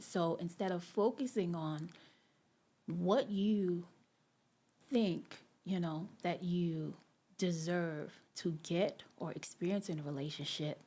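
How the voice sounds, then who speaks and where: Woman podcast host, deep and a little raspy, chatty reflective monologue with lots of "you know.". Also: darkish tone. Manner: conversational, many fillers and asides to listeners.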